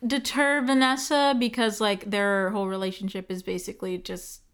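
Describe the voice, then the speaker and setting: A woman's voice: mid-range voice, level tone, moderate pace, clean tone. A woman co-hosting a podcast, chatting casually about a film, laughing often and filling her talk with likes and you knows. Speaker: podcast co-host.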